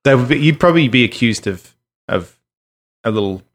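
A man's voice: mid-range voice, animated, brisk. An Australian man co-hosting a podcast in casual chat, joking around and laughing often. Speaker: podcast co-host.

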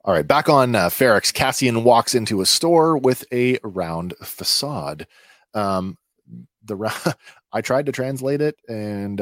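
A man's voice: mid-range voice, no room sound, clean studio sound. A man hosting a podcast, casually recapping a TV episode in a hesitant, chatty way with many filler sounds. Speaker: podcast host.

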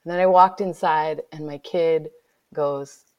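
A woman author in her thirties telling a personal story in an interview, moving from whispered moments to loud exclaiming. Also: low-pitched, steady tone, measured pace, lo-fi sound. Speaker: guest, author.

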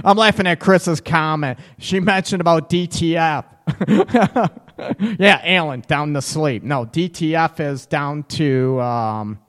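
A man's voice: a little high, fairly bright tone. A man hosting a live show in casual chat, teasing, laughing often and reacting to chat comments. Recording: echoey room with long reverb.

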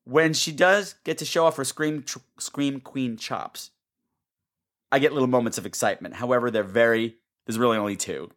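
A man with a mid-range, fairly bright voice talks at a moderate pace into a home mic turned up high. Hosting a podcast, he rants sarcastically about a bad movie, swearing and squealing as he acts out scenes.

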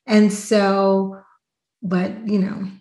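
A woman hosting a podcast, chatting casually and telling stories with lively acted-out quotes. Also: mid-range voice, extremely slow, roomy sound, rough recording. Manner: animated storyteller, acts out quotes. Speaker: podcast host. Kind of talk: casual chat.

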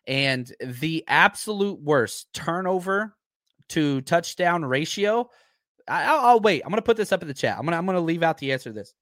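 A man's voice: on the high side, fairly bright tone, no echo, studio quality. A man hosting a football live stream in a casual, chatty way, full of fillers and restarts as he runs through stats.

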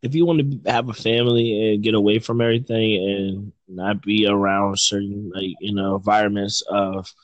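A man's voice: lowish voice, level tone, moderate pace, few pauses, no echo, muffled recording. A man from Virginia, hosting a casual chat and rambling as he searches for words. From Virginia, United States. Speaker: host.

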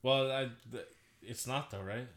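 A man's voice: medium pitch, measured pace, a bit bright. A man co-hosting a podcast, chatting casually about movies, rambling with lots of "like" and laughing often. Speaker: podcast co-host.

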